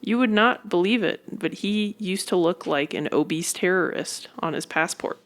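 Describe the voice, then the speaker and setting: A woman's voice: lowish voice, normal speed. A woman hosting a casual podcast chat, blunt and teasing toward her co-host. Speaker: podcast host, fitness coach.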